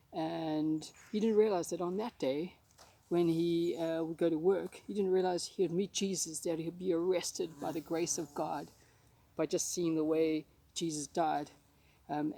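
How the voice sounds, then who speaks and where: A man's voice: a little high, gravelly, mellow. A man giving an informal devotional talk, casual and rambling with frequent restarts. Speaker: preacher.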